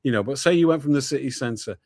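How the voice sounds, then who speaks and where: A man's voice: mid-range voice, quick pace, darkish tone, no echo, studio quality. Manchester man chatting on a call. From Manchester, England. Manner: chatty, explains with local examples. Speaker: guest caller. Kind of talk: casual football chat.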